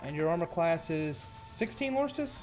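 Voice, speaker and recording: A man's voice: on the high side, big pitch swings, moderate pace, music in the background. Man running a tabletop game. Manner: casual, descriptive narration with rules talk. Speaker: game master.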